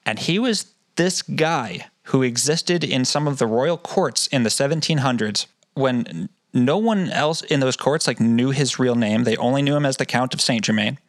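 Podcast dude rambling with lots of swearing and restarts, mid pitch, dry close sound. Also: male voice, normal speed, hardly any pauses, dry recording. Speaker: podcast co-host. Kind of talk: casual podcast chat.

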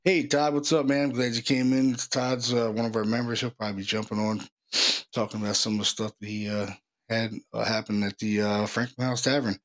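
A man's voice: fairly low pitch, flat delivery, fairly quick. Laid-back man hosting a podcast. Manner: laid-back, slangy storytelling. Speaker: podcast host. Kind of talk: casual chat.

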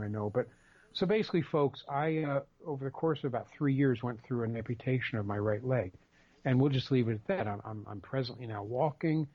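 A man's voice: medium pitch, highs cut off. A man co-hosting a casual podcast, speaking in an emphatic, rambling way with many repeated words. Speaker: podcast co-host.

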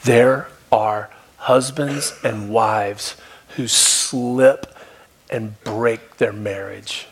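A male pastor preaching a sermon, telling a story and dropping at times to a soft, hushed voice for emphasis. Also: fairly low pitch, fairly even intonation, very slow, a little hiss or hum. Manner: storytelling, shifts between soft hushed tones and raised emphasis. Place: church.

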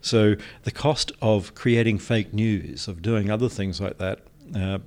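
Podcast guest, man, low voice, measured and pausing. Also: a little mellow. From Australia. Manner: measured explaining with many "um" pauses. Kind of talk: conversational interview.

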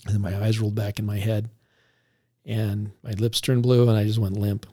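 A man, a police officer, recounting a story in a relaxed conversational way, laughing now and then as he talks. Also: on the low side, normal speed. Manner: animated, laughs while recounting.

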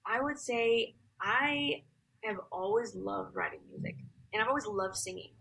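A woman's voice: medium pitch, sing-song, a little slow, gravelly, a bit bright, husky, poor audio. A young adult woman singer telling her story as an interview guest, rambling with many fillers.

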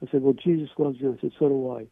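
A man calls in to a radio show and tells his story earnestly, stumbling and repeating words as he goes. His voice is gravelly and a little husky, and the sound is thin and tinny like a phone line. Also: medium pitch, steady tone, very fast, no room sound. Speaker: caller. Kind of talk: telling a personal story.

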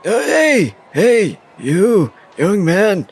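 A man's voice: sing-song, drawn-out words, slightly rough, full character voice. A man voicing a bitter divorced male carnival game-booth man in a comedy skit, with a smoker's voice and a mumbling manner. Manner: mumbling, bitter, swings loud and low.

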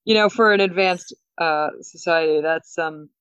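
A woman co-hosting a podcast, recapping a TV episode in casual chat, animated and laughing often. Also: on the low side, normal speed, clean tone, no echo. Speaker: podcast co-host. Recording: dull, dry sound.

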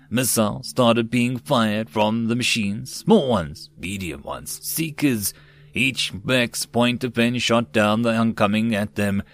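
A man narrating a web novel as an audiobook, in a steady storytelling read. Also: medium pitch.

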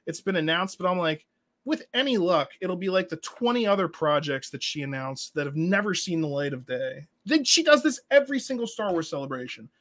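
Sarcastic, animated man in casual chat. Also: high-pitched, brisk. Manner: animated, sarcastic, mocking impressions. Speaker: co-host.

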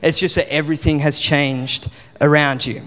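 A man, preaching a sermon in a relaxed, conversational way full of fillers. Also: on the high side, moderate pace. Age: 40s. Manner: conversational, chatty with many fillers. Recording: long hall reverb.

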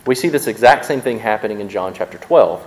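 A male pastor preaching a sermon in a church, speaking conversationally to his congregation and often repeating words quickly as he thinks aloud. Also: on the low side, expressive, poor audio.

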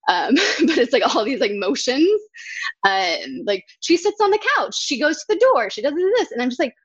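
Casual-chat woman actor, halting delivery full of fillers, muffled dry recording. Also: sits high, big pitch swings, no echo. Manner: halting, many fillers, searches for words.

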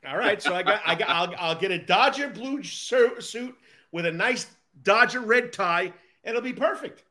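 A man's voice: high-pitched, normal speed, bright, forceful tone. A man co-hosting a casual baseball podcast, chatty and stumbling over his words. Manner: stumbling, self-deprecating, chatty. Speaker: podcast co-host, the Coach.

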